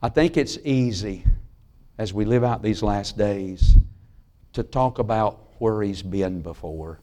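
A middle-aged man preaching a sermon in a church. He tells folksy stories and drops to a hush on key lines. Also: on the low side, slow pace. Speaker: pastor. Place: church sanctuary.

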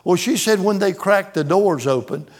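A man's voice: sits high, expressive, normal speed. An older man, a pastor, telling stories in a sermon in a folksy way, often stumbling over and repeating words.

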